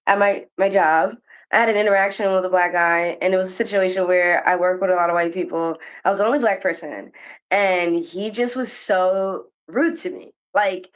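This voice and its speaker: An American woman hosting a casual chat podcast, telling stories with lively acted-out quotes. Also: on the low side, normal speed. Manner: animated storytelling, acts out quoted voices. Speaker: podcast host.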